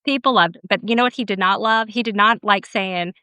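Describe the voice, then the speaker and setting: A woman's voice: mid-range voice, brisk, clean tone, no echo. A woman esthetician and business owner telling stories in a casual interview, chatty and laughing often. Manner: chatty, laughs often, quotes others in lively asides; calls herself camera shy.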